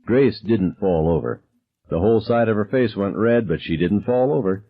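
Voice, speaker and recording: A man reading a novel aloud as narrator, calm and measured, dropping low on dialogue tags. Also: highs cut off. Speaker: audiobook narrator. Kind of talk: scripted narration.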